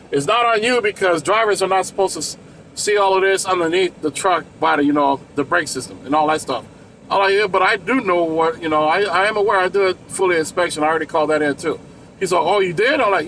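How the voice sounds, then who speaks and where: A man's voice: high-pitched, fairly bright tone, slight background noise, low-quality recording. A man who drives trucks tells a story in a casual vlog, acting out the other people's lines in raised voices and swearing freely.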